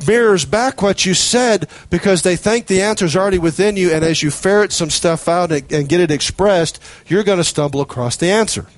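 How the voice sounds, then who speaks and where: A man's voice: fairly high pitch, no echo. Conversational man preaching a sermon. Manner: conversational, storytelling, acts out quoted prayers.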